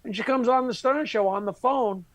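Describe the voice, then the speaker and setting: No echo colors this clip of a very high-pitched man speaking at a moderate pace. He's a comedian guest from Long Island, New York, telling a brash, crude, profane anecdote and doing impressions of other people.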